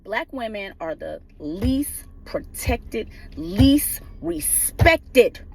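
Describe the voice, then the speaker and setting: A woman's voice: on the high side, very animated, very slow, gravelly, crowd noise. A woman ranting passionately in her car, swearing freely and firing off rhetorical questions. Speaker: vlogger ranting on legal news. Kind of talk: impassioned rant.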